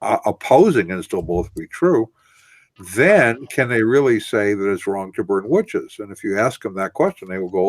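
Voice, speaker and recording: A man's voice: lowish voice, very animated, normal speed. A man co-hosting a casual radio discussion, explaining in long, winding, earnest sentences. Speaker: co-host.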